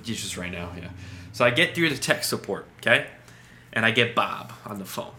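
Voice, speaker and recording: Bright-voiced man telling a story. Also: lowish voice, normal speed, a little hiss or hum. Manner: animated storyteller, re-enacts dialogue. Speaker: podcast host. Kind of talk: casual chat.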